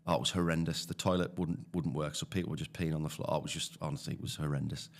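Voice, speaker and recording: A man with a deep, low voice and a Teesside accent. He talks in a loose, chatty way, full of fillers, like a guest on a casual podcast. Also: fairly even intonation, racing, vocal fry. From Teesside, England. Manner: chatty storyteller, many fillers. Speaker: guest, property investor.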